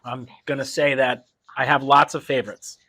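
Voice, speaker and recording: A man's voice: medium pitch, little pitch movement, normal speed, pushed and bright. A man, a teacher, chatting casually with a student over wings, jokey and rambling. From New Jersey.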